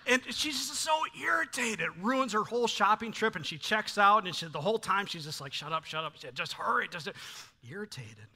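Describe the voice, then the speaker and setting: Middle-aged male pastor, sermon delivery, high and sharply bright voice, animated storyteller. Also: normal speed, hardly any pauses. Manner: animated storytelling with frequent fillers and restarts.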